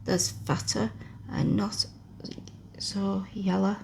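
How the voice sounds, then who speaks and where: A woman voicing a grumpy old male gardener, gruff and blunt, in a whispered role-play. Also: mid-range voice, flat delivery, takes it slowly, darkish tone, slight background noise.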